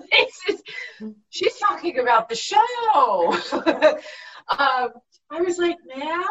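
A woman's voice: very high voice, takes it slowly. Woman, actress guest, chatty storytelling, laughs often, distant mic, muffled sound. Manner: animated anecdotes with frequent laughter. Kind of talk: casual interview storytelling.

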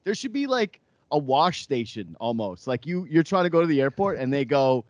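A man co-hosting a sports podcast in casual chat, animated and jokey, acting out quotes. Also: on the high side, moderate pace, dull audio.

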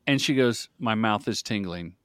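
A middle-aged man, a filmmaker guest on a podcast, telling stories in an energetic, animated way. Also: fairly low pitch, moderate pace, smooth, no room sound, studio quality. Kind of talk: casual interview storytelling.

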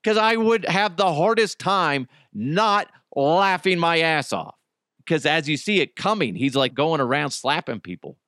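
A male podcast host rants and jokes about strange headlines, swearing freely. His voice sits a little high and bright, and it swings widely as he riffs. The sound is close and dry. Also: unhurried, no echo. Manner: profane, joking, animated rants. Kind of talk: casual comedic news commentary.

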